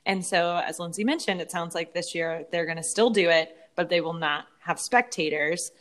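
A bubbly woman co-hosting a podcast with her sister. She giggles easily and fills her talk with "like". Her voice sits a little low for a woman. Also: normal speed, fairly bright tone. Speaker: podcast co-host. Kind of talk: casual chat between sisters.

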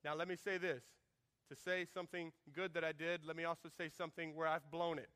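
Animated high-voiced male pastor. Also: fairly quick. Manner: animated, jokey, acts out quotes in shifting voices. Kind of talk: sermon.

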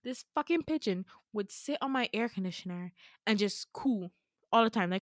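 A woman hosting a podcast, telling a story in a loose, chatty way with plenty of swearing and lively asides. Her voice sits at an ordinary middle pitch. The recording is close and dry. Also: moderate pace, dry recording. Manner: chatty, profane, animated retelling. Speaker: podcast host. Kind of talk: casual storytelling.

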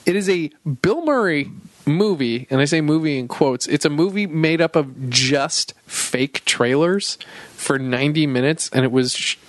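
A man's voice: on the high side, normal speed, dry recording. A man co-hosting a comedy podcast, rambling through stories in casual chat with lots of "um"s. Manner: rambling, trailing off with "um"s. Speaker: podcast co-host.

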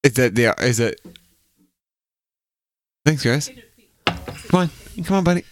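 A man co-hosting a casual podcast from a home basement, drinking and joking loudly with crude, profane humor into a podcast mic. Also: medium pitch, slow, noisy background. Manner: loud, joking, profane, animated. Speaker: podcast co-host.

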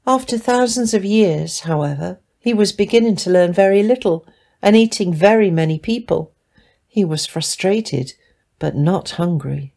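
A woman reading a children's fantasy story aloud in a gentle, clear storybook narration. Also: mid-range voice, lively intonation, normal speed. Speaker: story reader.

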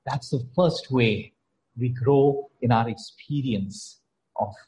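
A man's voice: mid-range voice, takes it slowly, poor audio. Earnest, emphatic man preaching a sermon. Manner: earnest, emphatic, repeats key phrases, swings between soft and strong.

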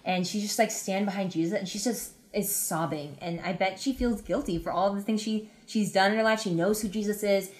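A woman's voice: medium pitch, brisk, hardly any pauses. A young engaged woman, a guest on a friend's faith podcast, retelling Bible stories in an earnest, chatty way. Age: young adult. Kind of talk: casual faith chat.

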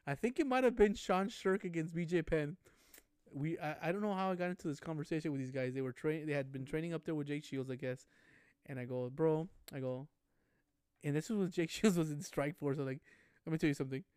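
Fast-talking, swearing podcast co-host. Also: male voice, fairly high pitch, smooth, dry recording. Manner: animated storyteller, heavy swearing. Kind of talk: casual chat.

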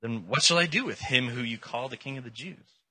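A man's voice: medium pitch, a little fast, sharp tone, husky. A man voicing a casual, exasperated male Roman governor who presses and talks in slang. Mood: pressing.

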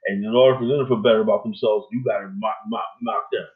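A man's voice: on the low side, fairly even intonation, fast talker. A man hosting a casual talk show, chatting loosely and often tagging his points with "you know what I'm saying". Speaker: host. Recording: phone-like narrow audio.

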